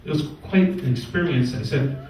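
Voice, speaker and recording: A man from New doing a stand-up comedy set, wisecracking with deadpan setups and punchlines. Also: a little high, moderate pace. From New York. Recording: echoey room from far off.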